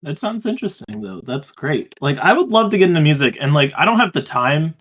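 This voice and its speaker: Male podcast co-host, somewhat high voice, eager and hype-driven, lots of "like" fillers, voice-call audio. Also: big pitch swings, a little fast, fairly bright tone. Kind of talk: casual chat. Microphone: voice chat call.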